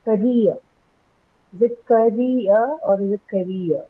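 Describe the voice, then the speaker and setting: A woman's voice: mid-range voice, slow pace, husky. A woman teaching an English class online, patiently repeating words and questioning her students. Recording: tinny phone-like call audio.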